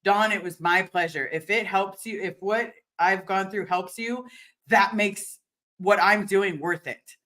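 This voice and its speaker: A woman's voice: mid-range voice, measured pace, a bit bright. Chatty candid woman streaming from home. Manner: candid and chatty, swearing, many fillers and restarts. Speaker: livestream host answering viewer comments. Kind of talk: casual livestream chat.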